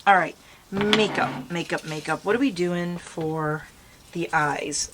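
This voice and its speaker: Doing her makeup outdoors as a light breeze blows, this woman keeps up a bubbly, chatty tutorial for her viewers. She speaks slowly in a lowish, fairly bright voice, and there's a bit of noise behind her.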